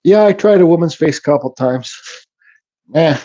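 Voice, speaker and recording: A man's voice: fairly high pitch, normal speed, lo-fi sound. A man hosting a casual livestream, chatting easily and reading out viewers' comments while he works in his home workshop. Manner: relaxed, reads chat comments aloud, mumbles. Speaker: livestream host.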